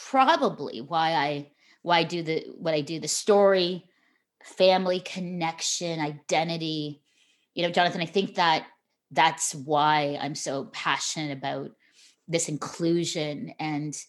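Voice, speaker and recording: A middle-aged woman, a television host speaking as a podcast guest, telling a personal story earnestly and from the heart, with frequent restarts. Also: low-pitched. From Canada.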